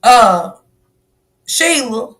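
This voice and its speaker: A woman's voice: a little high, lively intonation, drawn-out words, fairly bright tone. A woman hosting a stream, giving blunt, slangy commentary on a clip. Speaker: stream host. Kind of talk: casual commentary on a news clip.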